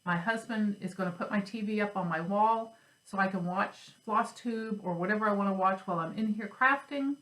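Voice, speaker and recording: Recorded roughly in a roomy space, this woman talks briskly in a medium-pitched, slightly bright voice. As a flosstube host, she rambles casually at home about cross stitch and craft supplies, chatty and self-deprecating.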